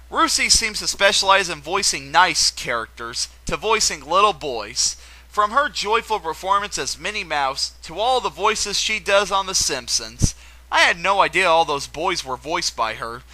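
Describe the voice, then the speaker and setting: A young man with a high, bouncing voice runs through a countdown with eager enthusiasm and playful asides. His tone is bright and sharp, recorded close in a dry, small room. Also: no echo, poor audio. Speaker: video host. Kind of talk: countdown commentary.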